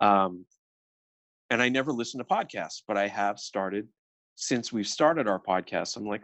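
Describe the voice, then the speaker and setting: A middle-aged man co-hosting a film podcast, talking in a casual, animated way with many restarts and quoted asides. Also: fairly low pitch, moderate pace, no echo. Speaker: podcast co-host.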